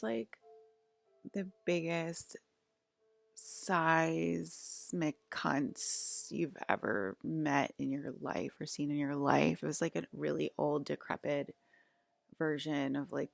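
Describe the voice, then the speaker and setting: A young woman talks to camera in a loose, rambling way, stacking up filler words as she tells a story. Her voice sits low and is heavily gravelly with fry, and the sound is dry and close. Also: steady tone, slow, dry recording, faint music behind. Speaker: vlogger.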